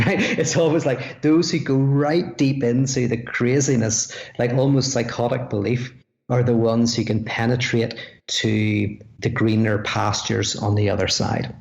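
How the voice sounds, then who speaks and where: An Irish man who is a podcast guest, explaining ideas in an animated way with quick asides. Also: mid-range voice, creaky. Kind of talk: podcast conversation. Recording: echoey room, dull lo-fi sound.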